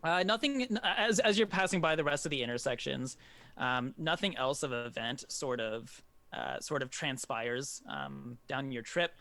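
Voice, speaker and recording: A man narrating a tabletop game as game master, often pausing with ums and restarting his sentences. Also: medium pitch, animated, sharp tone, soft background music. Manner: halting, lots of ums and restarts.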